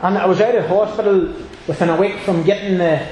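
Man, high voice, earnest rambling church testimony, heavy echo, meeting hall. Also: fairly even intonation, a little fast, a little mellow, slight background noise. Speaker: church member giving testimony. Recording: very echoey room.

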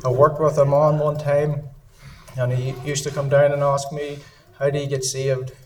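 A man's voice: a little high, level tone, moderate pace, recorded from a distance, a little hiss or hum, low-quality recording. A man giving an earnest, emotional sermon in a church service, often repeating his phrases. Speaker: lay preacher.

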